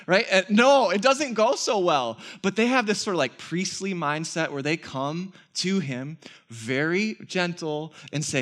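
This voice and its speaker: Man, pastor, high voice, animated sermon, rhetorical questions. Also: moderate pace. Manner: animated preaching, rhetorical questions, quoting scripture in character.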